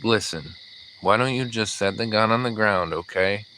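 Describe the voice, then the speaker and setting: A man voicing a calm, gentle old man who speaks softly and steadily in a coaxing way. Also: lowish voice, moderate pace, slight background noise, low-quality recording.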